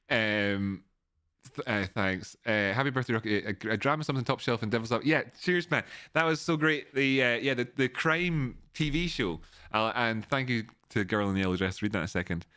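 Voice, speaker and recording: Hosting a casual livestream, an Edinburgh-accented Scottish man wanders through his thanks to viewers, restarting often and reading donor messages aloud. His mid-range voice is pushed, bright, clear, and resonant at a moderate pace, captured in studio quality with no echo.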